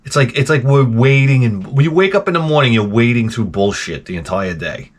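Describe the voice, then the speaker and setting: In a fairly quick, expressive, mid-range voice, a middle-aged show host delivers a casual ranting monologue. He sounds exasperated and grumbles profanely throughout.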